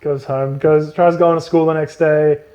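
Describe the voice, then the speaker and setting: A man's voice: fairly high pitch, flat delivery, moderate pace, dark tone, highs cut off. Sarcastic, foul-mouthed man recapping a book. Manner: sarcastic, profane, laughing. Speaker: podcast co-host. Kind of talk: comedic book recap chat.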